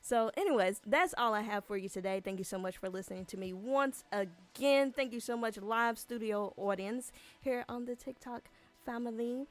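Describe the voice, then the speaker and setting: A woman's voice: on the high side, normal speed. A woman hosting a podcast in a casual, chatty monologue, rambling with lots of fillers. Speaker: podcast host.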